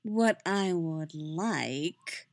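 A woman's voice: medium pitch, big pitch swings, moderate pace, dry recording, voice pushed up. A woman voicing a haughty, cold-tongued sorceress who drawls her cutting words, in a fan fiction reading. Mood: cutting threat.

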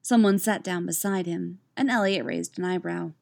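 A woman narrating a novel in a steady, even storytelling voice. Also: on the low side, normal speed, vocal fry, no room sound. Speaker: audiobook narrator. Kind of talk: scripted narration.

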